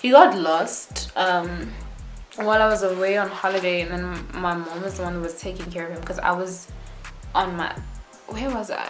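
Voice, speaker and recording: A young woman from Africa, chatting to camera in a rambling, animated way with lots of "like" and "yo". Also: mid-range voice, roomy sound. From South Africa. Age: young adult. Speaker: YouTuber. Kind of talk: casual chat to camera.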